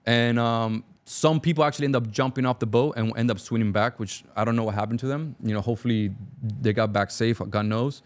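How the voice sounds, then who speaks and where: A young man from Cuba telling his life story as a talk-show guest, animated and acting out dialogue. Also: mid-range voice. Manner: fast, animated, acts out dialogue. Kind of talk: casual storytelling.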